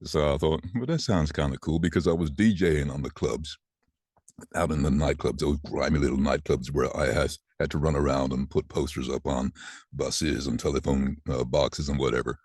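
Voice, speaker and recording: Brief: man, 60s, extremely low husky voice, dry close mic, animated storyteller who mimics others. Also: moderate pace, no room sound. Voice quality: deep voice. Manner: animated, acts out quoted voices. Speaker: voice actor guest. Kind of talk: casual interview storytelling.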